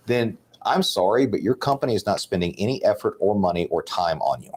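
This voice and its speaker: A man's voice: fairly low pitch, brisk, hardly any pauses, darkish tone. A man co-hosting a sales talk show, talking bluntly and making his points like a lecture. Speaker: podcast co-host.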